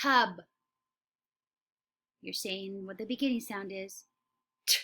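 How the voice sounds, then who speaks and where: A woman teacher leading a phonics lesson for young children, slow and encouraging, saying words for the class to repeat. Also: mid-range voice, sharp tone.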